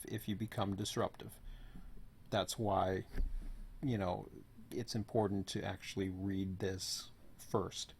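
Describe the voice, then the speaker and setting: A hoarse man who is losing his voice gives a rambling, offhand walkthrough as host of an online server. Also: fairly low pitch. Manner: rambling, offhand, says "blah, blah, blah". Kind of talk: casual screen walkthrough.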